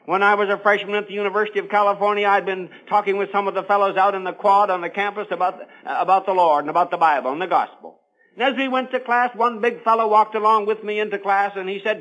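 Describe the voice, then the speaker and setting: A man's voice: high-pitched, steady tone, quick pace, fairly bright tone, rough recording. A man preaching a sermon on the radio, telling a Bible story with earnest, rising emphasis.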